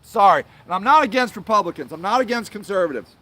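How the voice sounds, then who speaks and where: High-voiced man on a profane rant. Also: lively intonation, quick pace, pushed and bright, dry recording. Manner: angry, profane, swears constantly; apologizes then rants on, trailing filler sounds. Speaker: show host. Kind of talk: livestream rant to viewers.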